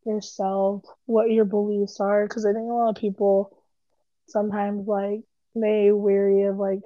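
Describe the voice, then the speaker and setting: A woman's voice: medium pitch, little pitch movement, measured pace, no room sound, phone-quality sound. A young woman co-hosting a casual podcast chat, rambling with lots of "like". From Las Vegas area. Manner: rambling, heavy use of "like". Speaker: podcast co-host.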